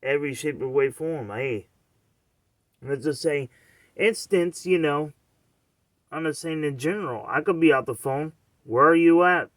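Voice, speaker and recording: A man's voice: fairly high pitch, no room sound, studio quality. A man talking straight to the camera in a loose, rambling monologue, circling back again and again with rhetorical questions and "you know what I'm saying.".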